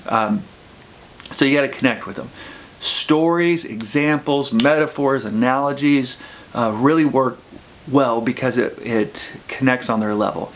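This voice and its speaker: A man's voice: mid-range voice, normal speed. A man, an addiction counselor, talking earnestly to camera and often repeating his phrases as he explains. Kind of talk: earnest advice talk to camera.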